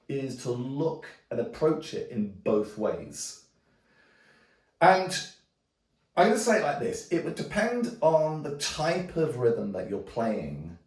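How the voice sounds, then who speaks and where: A man teaching djembe, explaining technique in a relaxed way and often checking in with a quick "okay?". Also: medium pitch. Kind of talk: demonstrating drum technique. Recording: roomy sound from a distance. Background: djembe drumming.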